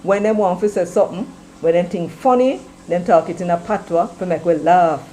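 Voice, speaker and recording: Jamaican woman host, forceful opinion talk, slips into patois, warm dark tone. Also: lowish voice, brisk, a little hiss or hum, rough recording. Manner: emphatic, mixing patois into English. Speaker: commentary show host. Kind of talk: opinionated live-stream commentary.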